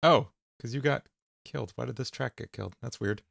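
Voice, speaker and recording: A man chatting casually on a livestream while producing a song cover, talking to himself as he troubleshoots his recording software. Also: mid-range voice, a little fast, vocal fry, very noisy.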